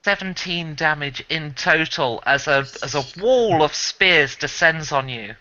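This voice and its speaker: A man's voice: a little high, lively intonation, measured pace, sharp tone. A man running a tabletop game as game master over voice chat, chatty and often laughing as he narrates. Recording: dull lo-fi voice chat audio.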